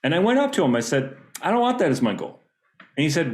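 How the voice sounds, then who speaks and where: A man's voice: on the high side, fast. Fired-up man in a roomy echo. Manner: fired up, animated storytelling. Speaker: music teacher on a panel. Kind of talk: panel discussion, storytelling.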